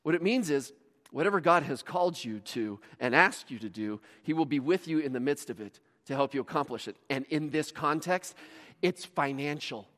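In a big church auditorium, a male pastor with a high-pitched voice preaches at a normal speed. He tells stories with animation, dropping almost to a whisper and then climbing to shouts. The hall leaves a long, lingering reverb on his voice.

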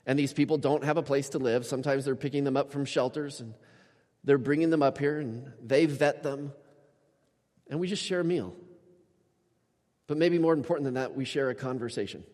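Animated male pastor in a reverberant church. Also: medium pitch, a little fast, long pauses. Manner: animated storytelling, acting out quoted voices. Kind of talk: sermon. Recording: church hall with long reverb.

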